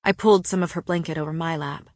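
A woman reading a story aloud in first person, with a soft and even narrating manner. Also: low-pitched, fast talker, no echo, studio quality. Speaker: audiobook narrator.

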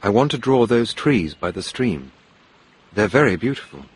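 A man's voice: lowish voice, very animated, normal speed, slightly rough, voice pushed up, full character voice. A man voicing a firm, proper young wife.

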